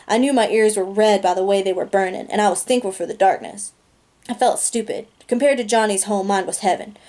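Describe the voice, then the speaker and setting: A woman reading a novel aloud in a steady, plain narration, with small slips and restarts along the way. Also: medium pitch, fairly quick. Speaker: reader.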